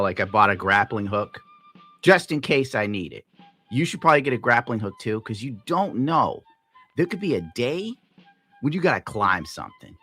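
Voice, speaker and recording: A man's voice: fairly low pitch, sharp tone. A tired man live streaming, telling a rambling, profane story in a grumbling way. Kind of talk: rambling livestream rant.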